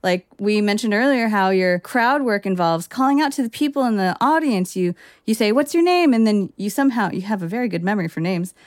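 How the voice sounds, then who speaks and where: A woman hosting a podcast, asking thoughtful, measured interview questions. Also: mid-range voice, animated, no room sound, clean studio sound. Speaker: podcast host.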